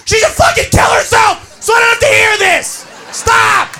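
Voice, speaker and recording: Loud foul-mouthed woman comic, high bright voice, shouting bits. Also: moderate pace, hardly any pauses, a faint crowd. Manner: brash, profane, shouting punchlines. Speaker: stand-up comedian. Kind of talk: stand-up routine.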